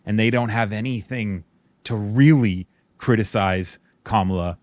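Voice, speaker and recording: A man's voice: fairly low pitch, a little slow, a little mellow, dry recording. A man hosting a political commentary channel, speaking in an indignant, partisan way. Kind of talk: commentary voice-over.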